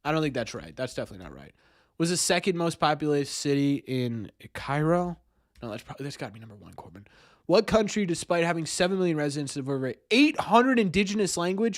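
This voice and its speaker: A man's voice: a little high, sing-song, fairly quick, no echo, studio quality. A young man streaming, thinking aloud through a quiz and mocking himself when he gets answers wrong. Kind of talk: live stream chat.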